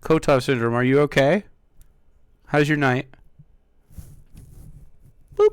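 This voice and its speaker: Male streamer, sarcastic and teasing; unhurried, swooping delivery, dry close sound. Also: mid-range voice, clear, resonant tone, dry recording. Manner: sarcastic, mocking, arguing with chat. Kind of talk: casual live-stream chat.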